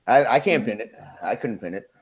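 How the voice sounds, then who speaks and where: A man's voice: on the low side, slightly rough. A man from Minnesota hosting a casual live-stream chat, laid-back and rambling, chuckling often. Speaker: host.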